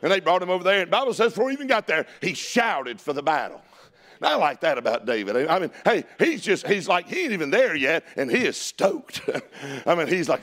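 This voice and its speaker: A man preaching a lively sermon in a Southern US accent, shouting at peaks and laughing between folksy asides. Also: on the high side, brisk.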